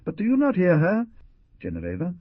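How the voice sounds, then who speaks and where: A man's voice: lowish voice, very animated, moderate pace, breathy edge, no room sound, heavily acted. A man voicing a tortured young male prisoner who rants with feverish sarcasm, in a storybook reading. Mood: bitter ranting. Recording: dull lo-fi dry recording.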